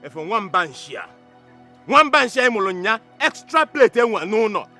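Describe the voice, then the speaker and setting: A menacing, contemptuous older brother in a film. His voice is bright and fairly high, rising and falling sharply as he threatens. Light music plays behind. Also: very animated, normal speed, slightly rough, full character voice. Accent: Nigerian. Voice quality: threatening, mocking. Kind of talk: Nollywood film acting.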